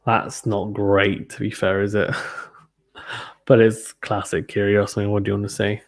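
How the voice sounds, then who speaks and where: A man's voice: lowish voice, little pitch movement, normal speed. Chatty British man hosting a live stream. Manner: chatty, reads viewer comments aloud. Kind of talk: casual live watchalong commentary.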